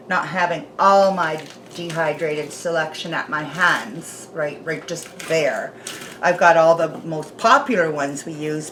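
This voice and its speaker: A woman with a low-pitched voice hosts a homestead cooking vlog from her home kitchen, chatting casually, laughing, and chewing as she snacks. Background music plays under her voice, and the background is noisy.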